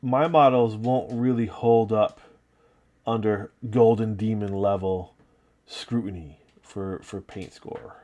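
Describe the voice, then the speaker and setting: Stream host, male, upstate New York accent, low easygoing voice, rambles between tasks. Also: takes it slowly. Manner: relaxed, rambling, talking while working and reading chat. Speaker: livestream host painting miniatures. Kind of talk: casual livestream chat.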